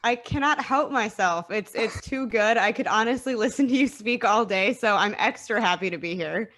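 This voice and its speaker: A woman's voice: mid-range voice, normal speed, fairly bright tone. A woman guesting on a podcast, chatting enthusiastically with plenty of "um" and "you know". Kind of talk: casual chat.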